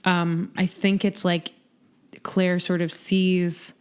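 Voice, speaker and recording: Profane, animated woman podcast host. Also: lowish voice, slow pace, smooth. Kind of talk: casual chat recap.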